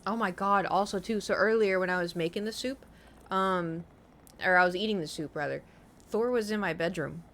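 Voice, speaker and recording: A woman's voice: on the low side, moderate pace, fairly bright tone. Young woman streamer with a slight lisp. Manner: chatty, rambling, self-mocking storyteller who laughs often. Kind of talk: casual live-stream chat.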